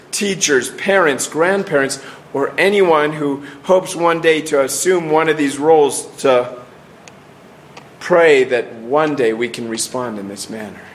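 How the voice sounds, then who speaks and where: This middle-aged man's voice is a little high as he preaches his sermon with earnest feeling, against a slight hiss or hum. Many phrases get restarted, and their endings trail off into falling pauses.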